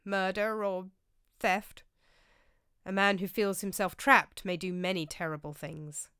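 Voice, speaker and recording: A woman voicing a calm, worldly medieval priest who tells his tale in a measured way. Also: medium pitch, smooth, no room sound, clean studio sound.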